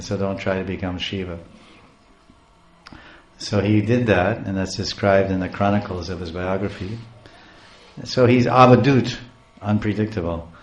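Slow talking guy telling a scripture story, laughs a lot, echoey room. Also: fairly low pitch, a little mellow. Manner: chuckling, chanting verses. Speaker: speaker on scripture. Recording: roomy echo.

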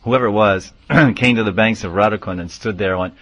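A man's voice: lowish voice, brisk, fairly bright tone, no room sound. A man teaching a scripture class, explaining terms, chanting verses and calling out names. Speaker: spiritual teacher.

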